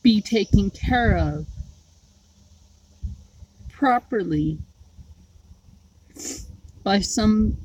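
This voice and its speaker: A woman talking to her viewers in a personal vlog, rambling and halting with many fillers, outdoors. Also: mid-range voice, animated, darkish tone, lo-fi sound, slight background noise. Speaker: YouTube creator.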